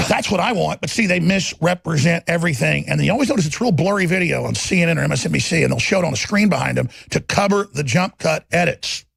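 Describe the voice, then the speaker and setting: A man hosting a political talk show, combative and rambling in his monologue, with a gravelly, husky voice. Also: fairly high pitch, expressive, quick pace, fairly bright tone, dry recording.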